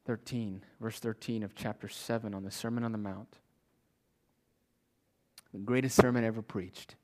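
A man preaching a sermon with passion, repeating phrases for emphasis and swinging between loud declarations and hushed whispers. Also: fairly low pitch, steady tone, normal speed. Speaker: pastor.

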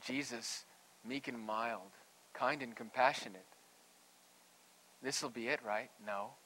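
Guy preaching a sermon, bright clear voice, goes quiet then gets loud and punchy. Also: medium pitch, slow, a little hiss or hum, low-quality recording. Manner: dramatic, swings from hushed to loud and emphatic. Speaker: pastor.

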